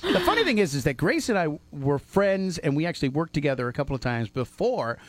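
A man who works as a radio DJ, co-hosting a casual podcast and asking rambling, excitable questions. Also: a little high, quick pace. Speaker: co-host, radio DJ.

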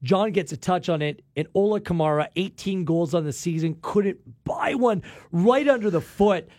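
A man hosting a studio sports show, talking through match highlights with enthusiasm. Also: normal speed, darkish tone, no room sound. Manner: enthusiastic, upbeat. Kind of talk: studio sports analysis chat.

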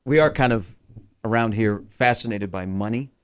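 A man's voice: fairly low pitch, normal speed, smooth. A male sports radio host chats loosely, rambling through his points with frequent filler words. His talk is casual and unscripted.

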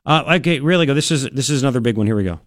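A man hosting a talk radio show, giving sarcastic and animated commentary from a studio. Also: racing, dry recording. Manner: sarcastic, animated, jumps between high and low tones. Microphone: studio mic.

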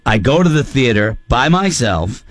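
A male radio host chatting eagerly into a studio microphone. His pitch swings up and down a lot, and the sound is dry and close. He talks in loose, friendly bursts full of fillers and restarts. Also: very animated, normal speed, no echo. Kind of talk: casual radio chat.

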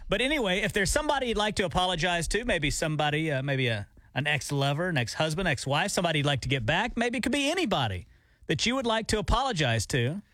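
A man's voice: sits high, sing-song, fast talker, pushed and bright, no echo, studio quality. A man co-hosting a morning radio show, chatting animatedly and slipping into sleepy pilot impressions. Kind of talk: casual radio banter.

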